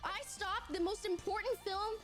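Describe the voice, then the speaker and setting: Squeaky flustered woman streamer. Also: moderate pace, fairly bright tone, soft background music. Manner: flustered, nervous, gushing. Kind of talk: excited live stream chat.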